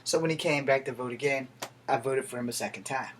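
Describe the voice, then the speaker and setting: A man's voice: mid-range voice, fast, a bit bright, a little hiss or hum. Blunt, profane man ranting. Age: 30s. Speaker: veteran. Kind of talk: political rant to camera.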